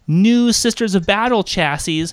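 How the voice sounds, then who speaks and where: A man's voice: high voice, a little slow, smooth, no room sound. A man co-hosting a podcast in casual chat, ranting emphatically and swearing often. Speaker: podcast co-host.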